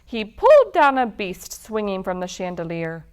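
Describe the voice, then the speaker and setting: A woman reading a children's picture book aloud at a library storytime, in an expressive storytelling manner. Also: mid-range voice, normal speed, few pauses, clean tone.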